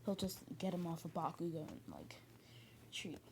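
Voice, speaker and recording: A woman's voice: on the low side, normal speed, a little mellow, slight background noise. A woman casually retelling a fan story, rambling with many fillers and restarts.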